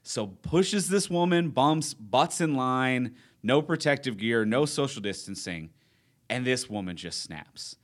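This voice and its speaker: A man's voice: medium pitch, expressive, measured pace. A man, a podcast guest, telling a comic story with rising indignation. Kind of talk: animated storytelling.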